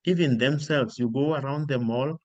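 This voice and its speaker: A man's voice: mid-range voice, normal speed, dry recording, highs cut off. A middle-aged South African man giving informal career advice, telling stories and acting out quoted dialogue. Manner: animated storytelling, acts out quoted dialogue. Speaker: career coach.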